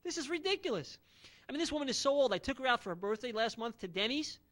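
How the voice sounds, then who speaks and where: A man's voice: very high-pitched, sing-song, quick pace, fairly bright tone. A man around forty performing a stand-up comedy routine with brash, punchy one-liners and no audience.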